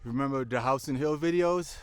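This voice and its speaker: A man's voice: mid-range voice, fast, clean tone. Man hiking vlogger, out of breath, casual and jokey with his viewers, recorded outdoors on a handheld camera. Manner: chatty and joking, addresses viewers as y'all. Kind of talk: casual vlog talk to camera. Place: outdoors on a mountain trail.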